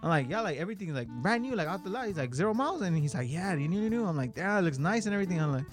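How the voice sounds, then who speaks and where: A man's voice: on the high side, animated, rapid-fire. A young man telling a story to his friends casually, laughing and acting out both sides. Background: music.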